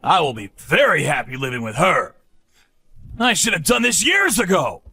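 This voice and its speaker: A man's voice: on the high side, big pitch swings, normal speed, pushed and bright, breathy edge, heavily acted. A man voicing a cruel, contemptuous middle-aged ex-husband who taunts his former wife. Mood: scornful.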